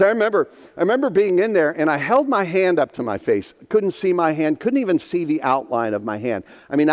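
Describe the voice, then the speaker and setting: A man's voice: a little high, darkish tone, long reverb tail. A man in his fifties preaching a sermon, earnest and emphatic, repeating key phrases for weight. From northeastern Pennsylvania. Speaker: pastor.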